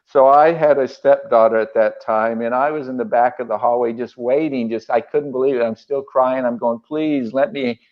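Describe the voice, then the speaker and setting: An older man telling emotional personal memories in an interview, halting often with fillers. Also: mid-range voice, steady tone. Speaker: guest recalling memories. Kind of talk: casual storytelling interview. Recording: dull lo-fi sound.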